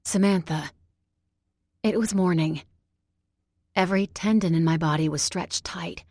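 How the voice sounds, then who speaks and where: A woman with a husky voice narrating a first-person audiobook in a steady, measured way. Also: lowish voice, dry recording, clean studio sound.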